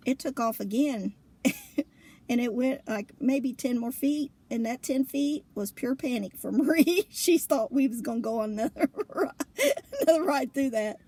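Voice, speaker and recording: A woman telling a funny personal story in a lively, colloquial way, laughing often between lines. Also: fairly high pitch. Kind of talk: casual spoken storytelling.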